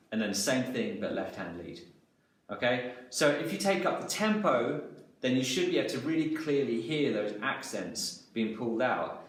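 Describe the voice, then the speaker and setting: A man's voice: medium pitch, expressive, moderate pace, very noisy. A man teaching a drum lesson, calling out strokes and hands as he goes. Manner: talks through drum patterns, counting hands aloud. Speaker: drum instructor. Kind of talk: instructional lesson. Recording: echoey room, mic far off.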